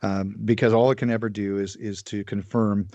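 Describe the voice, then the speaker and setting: A man talking in a casual podcast conversation, halting and full of fillers and restarts. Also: lowish voice, level tone, mellow, no room sound. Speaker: podcast guest. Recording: dry, dull lo-fi sound.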